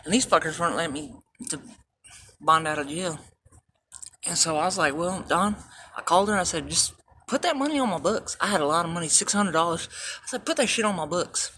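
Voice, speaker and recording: A woman's voice: fairly low pitch, a little fast, bright, forceful tone, slight background noise. A woman vlogger rambling through casual, profane stories, laughing often. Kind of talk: casual storytelling.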